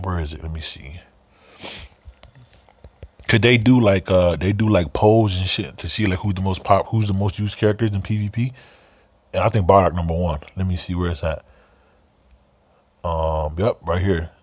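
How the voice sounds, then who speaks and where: Casting: male game streamer, low-ish voice, loose profane chatter. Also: a little mellow, no echo. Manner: laid-back slangy, profane and laughing a lot. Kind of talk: casual live-stream chat.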